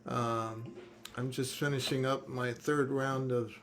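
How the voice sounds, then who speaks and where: A man, a singer-songwriter guest, chatting in a relaxed way before he sings his song, outdoors in a front yard. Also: mid-range voice, soft background music. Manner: slow, relaxed, unhurried talk. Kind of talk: casual chat before singing a song.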